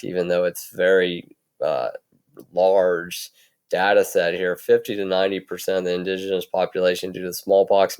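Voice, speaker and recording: A man with a low, smooth voice talks through a recorded history lesson on a computer mic. He speaks casually, with many fillers and restarts. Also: a little mellow. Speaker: history teacher.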